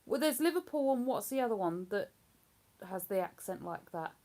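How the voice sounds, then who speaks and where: A woman's voice: mid-range voice, lively intonation, normal speed, mellow. A woman hosting a livestream in casual, rambling chat. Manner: rambling, chatty, breaks into hummed tunes. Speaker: livestream host.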